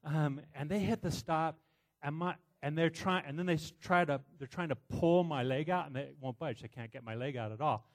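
A middle-aged man preaching, telling a personal story in an animated way with many restarts. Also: a little high, normal speed. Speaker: pastor.

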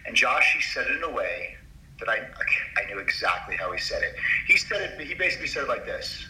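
A man's voice: mid-range voice, sing-song, brisk, sharp tone. A middle-aged man, a doctor, telling his story to an interviewer in an earnest, emphatic, confiding way. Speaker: doctor as podcast guest. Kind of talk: confessional storytelling in a conversation. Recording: roomy sound from a distance off mic.

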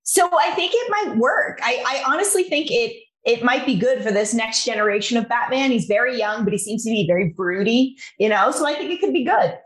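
A woman sports reporter as a guest, chatting casually and giving thoughtful, measured analysis. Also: on the high side, lively intonation, reverberant, poor audio. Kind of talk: casual interview chat.

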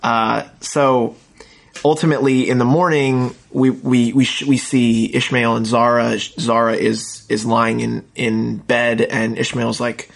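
A man's voice: mid-range voice, little pitch movement, unhurried, vocal fry. A man casually recapping a TV episode with a co-host, rambling and acting out the characters' lines. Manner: rambling retelling with acted quotes, many fillers. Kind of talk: casual chat.

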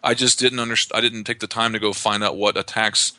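A man being interviewed as a real estate investor, explaining in an animated way with lots of restarts. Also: on the low side, fairly quick, dry recording. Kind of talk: conversational podcast interview.

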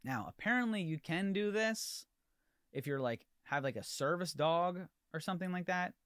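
A man hosting a podcast, telling an animated, exasperated story in a ranting solo monologue with many restarts. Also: high voice, normal speed, clean tone, no room sound, clean studio sound. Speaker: podcast host.

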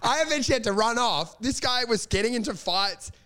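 Brief: young man, light high voice, rambling anecdotal storyteller who swears freely. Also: animated, a little fast, bright, forceful tone. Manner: rambling storyteller, swears a lot, laughs through stories. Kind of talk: casual comedic chat.

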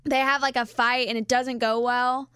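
A woman's voice: a little high, level tone, normal speed, pushed and bright, smooth, no echo, studio quality. A woman filling in as co-host in casual chat, rambling and chatty. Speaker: fill-in co-host.

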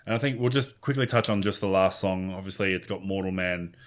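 Fast-talking deep-voiced man. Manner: animated storytelling, thinking aloud. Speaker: podcast co-host. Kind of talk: casual music discussion.

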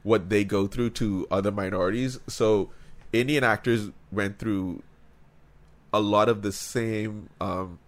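Low-voiced blunt man from the Bahamas. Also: steady tone, measured pace. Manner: blunt, profane, argumentative. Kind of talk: casual chat.

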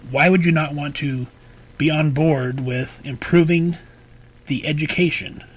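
Husky-voiced man co-hosting a podcast. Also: a little high, steady tone, unhurried, poor audio. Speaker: podcast co-host. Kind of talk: casual podcast chat.

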